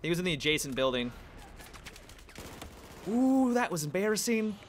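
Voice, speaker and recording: A young man giving casual, joking commentary over his own gameplay, excitable and laughing, with sudden high squeals of surprise. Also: moderate pace, a little hiss or hum.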